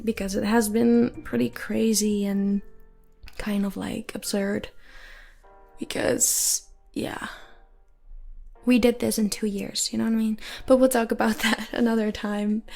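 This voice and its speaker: A woman in her twenties with a soft, calm voice, chatting casually on her own podcast, rambling and giggling, with lots of fillers. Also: a little high, unhurried, gravelly, soft background music. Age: 20s. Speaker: podcast host. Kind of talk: casual solo podcast chat.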